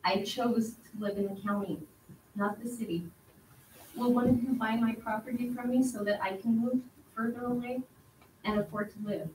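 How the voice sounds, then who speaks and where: A woman's voice: fairly high pitch, steady tone, moderate pace, darkish tone, slight background noise. A middle-aged woman speaking at a public hearing, emotional and pleading, her voice rising as she gets upset. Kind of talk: public comment at a council meeting. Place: council chamber. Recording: echoey hall, mic from a distance.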